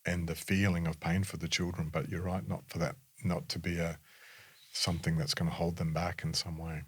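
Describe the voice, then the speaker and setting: A man's voice: deep voice, level tone, brisk, breathy edge. A man with an Australian accent, a pastor hosting a conversational interview, affirming his guest often. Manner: affirming, frequent "yeah" backchannels. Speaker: pastor and host.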